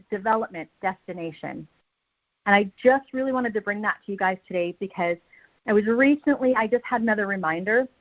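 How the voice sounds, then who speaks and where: A woman gives a punchy motivational talk over a video call, driving her points home by repeating short phrases. Her voice sits at a middle pitch. The call audio is dull and lo-fi. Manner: energetic, emphatic, repeats phrases for effect. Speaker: guest speaker on a team call.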